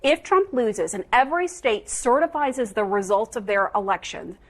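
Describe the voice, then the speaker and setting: A woman conducting a broadcast news interview, asking measured, probing questions. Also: fairly high pitch, animated.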